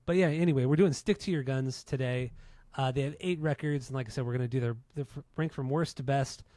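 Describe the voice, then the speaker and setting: A man's voice: medium pitch, quick pace, dark tone, dry recording. A man in his forties from Southern California, hosting a podcast in a laid-back, chatty way. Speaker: podcast host. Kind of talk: casual podcast chat.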